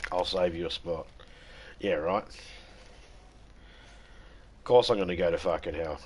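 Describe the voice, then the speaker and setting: A man's voice: low voice, unhurried, darkish tone, slight background noise. An Australian man streaming a game, chatting casually with irreverent jokes and plenty of swearing. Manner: joking, irreverent, swears freely. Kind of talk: casual gameplay chat.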